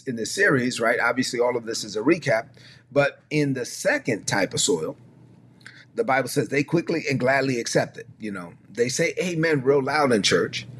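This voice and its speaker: A man's voice: mid-range voice, a little hiss or hum. A man preaching a streamed sermon as pastor, emphatic and repetitive, often prompting listeners to say words back or type them in the chat.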